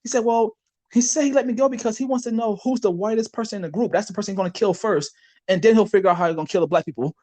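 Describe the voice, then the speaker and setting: A man's voice: sits high, very fast. A man co-hosting a podcast, telling long rambling stories in casual chat and laughing along the way. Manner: rambling animated storytelling with laughs. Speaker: podcast co-host.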